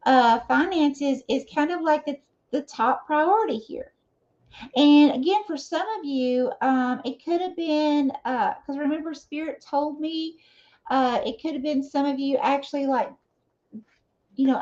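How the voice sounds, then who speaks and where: High-voiced woman giving a tarot reading. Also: darkish tone. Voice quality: conversational, frequent "okay?" and "you know" fillers. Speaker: tarot reader. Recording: dull lo-fi sound.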